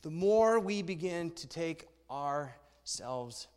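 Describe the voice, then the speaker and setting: A male pastor with a high-set voice gives a youth sermon, chatty and lively and asking his listeners questions. His voice rings out with a long hall reverb behind it. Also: slow pace, clear, resonant tone. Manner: lively, conversational, asks the audience questions. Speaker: pastor speaking to a youth congregation. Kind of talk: sermon with a read-aloud story.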